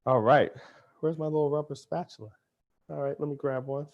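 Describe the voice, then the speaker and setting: A man's voice: fairly high pitch, steady tone, brisk, a little mellow, lo-fi sound. Chatty man hosting a kids cooking lesson. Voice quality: upbeat, chatty, talks to kids and parents. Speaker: cooking show host.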